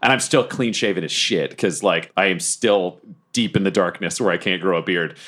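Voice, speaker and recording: A man playing in a tabletop role-playing game, joking in character and dropping low to narrate his actions. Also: normal speed. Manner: jokey, lively, drops low to narrate actions. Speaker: player.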